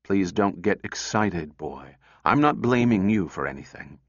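A man's voice: sits low, lively intonation, a little slow, dry recording, highs cut off, full character voice. A man reading a story, voicing a stern woman psychologist who asks clipped, probing questions while holding back anger.

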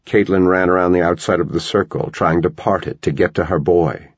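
A man with a very low, husky voice narrates a novel in a measured storytelling way. He is close-miked in a dry space, and the recording is slightly dull. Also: steady tone, no echo. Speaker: audiobook narrator. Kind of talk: scripted narration.

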